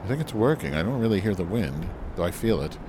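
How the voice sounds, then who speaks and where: Speaking fast in a low-pitched, sing-song voice, a man tests the new windscreen on his handheld recorder outdoors in the wind. He rambles through this vlog-style mic test, joking crudely and repeating silly phrases, with a noisy background behind him.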